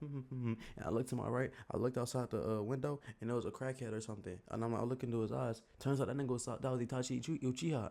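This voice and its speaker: A young adult YouTuber with a Southern US accent tells a casual, rambling story loaded with slang and filler. His medium-pitched voice has vocal fry and a darkish tone.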